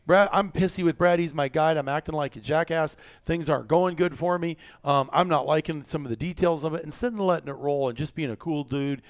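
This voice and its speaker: A man hosting a casual podcast, telling a story in a blunt, profane, animated way. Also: a little high, fairly quick, hardly any pauses, no echo. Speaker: podcast host.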